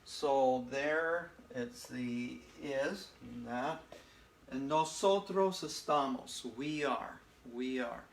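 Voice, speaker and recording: A man teaching a casual Spanish lesson from home, relaxed and repetitive, often checking in with "okay?". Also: mid-range voice, slow pace, creaky, reverberant, slight background noise. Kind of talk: casual recorded lesson at a board. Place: room at home.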